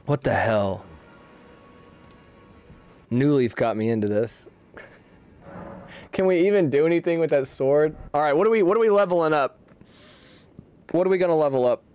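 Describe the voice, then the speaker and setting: High-voiced young man streaming a game. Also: expressive, moderate pace, long pauses, darkish tone, smooth, soft background music. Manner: casual and profane, swears freely. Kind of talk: live gameplay commentary.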